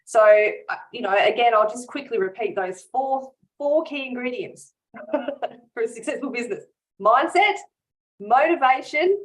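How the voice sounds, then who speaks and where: A woman business coach chats warmly in an interview, speaking earnestly and from the heart. She often breaks into small laughs and restarts her sentences as she talks. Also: fairly high pitch, animated, normal speed, poor audio. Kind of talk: casual interview chat.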